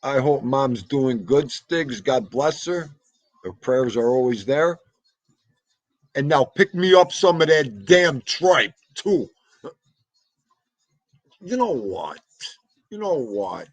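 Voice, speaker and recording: Hosting a live podcast in a New York accent, this man reads the chat, jokes around and calls viewers out by name in casual livestream talk. He speaks slowly at medium pitch with lively intonation, on a dry, rough-sounding recording.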